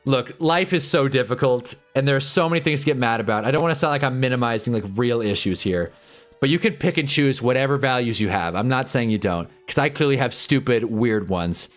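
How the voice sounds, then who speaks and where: A man's voice: medium pitch, animated, fairly quick, faint music behind. A man in his twenties ranting casually on a livestream, rambling and joking with frequent laughs. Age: 20s. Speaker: livestream host.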